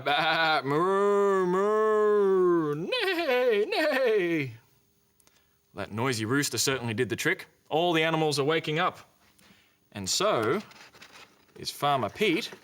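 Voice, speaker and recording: A man with an Australian accent, presenting a children's TV show, narrating clearly and playfully for young children. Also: mid-range voice, bright, forceful tone. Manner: clear, simple and playful, makes animal and car noises. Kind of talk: slow, gentle storytelling narration for young children.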